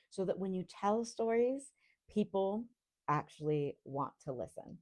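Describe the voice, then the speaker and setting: Woman podcast host, low voice, slow and clearly articulated, faint Rhode Island traces, reflective teaching tone. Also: warm tone. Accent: neutral American, Rhode Island traces on a few words. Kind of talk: teaching monologue.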